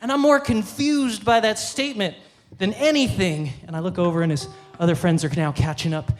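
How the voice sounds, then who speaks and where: A man, the band's violinist, telling an animated story on a theater stage into a stage microphone, acting out scenes with sudden jumps in pitch. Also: fairly quick, soft background music. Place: theater stage at a live concert.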